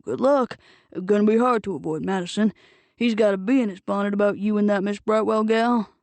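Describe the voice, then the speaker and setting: A man's voice: high voice, a little fast, no echo. A woman voicing a young, easygoing small-town dock worker with folksy speech in an audiobook. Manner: folksy and casual.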